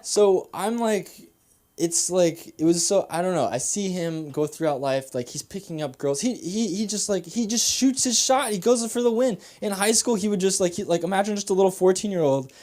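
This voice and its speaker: A man's voice: high voice, normal speed, mellow. A young man doing open-mic stand-up, nervous and rambling, with many fillers and restarts. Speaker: stand-up comedian. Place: comedy club stage.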